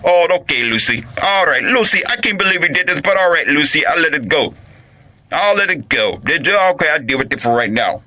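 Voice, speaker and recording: A man's voice: on the high side, very animated, brisk, sharp tone, dry recording, pitched above the performer's own voice, exaggerated voice. A man playing a patient, exasperated sitcom husband who pleads soothingly and gives in. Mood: placating. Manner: pleading, soothing, repeats her name.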